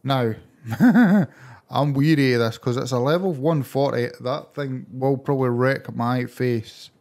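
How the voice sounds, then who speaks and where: Excitable gravelly Scottish gamer. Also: male voice, medium pitch, normal speed. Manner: excitable, bursts of surprised exclamations. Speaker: gaming channel host. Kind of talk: let's play gameplay commentary.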